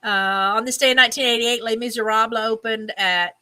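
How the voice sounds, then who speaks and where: A woman's voice: on the high side, steady tone, a little fast, pushed and bright, rough recording. A woman hosting a casual stream, reading items aloud, tripping over names, and adding chatty musing asides. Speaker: host.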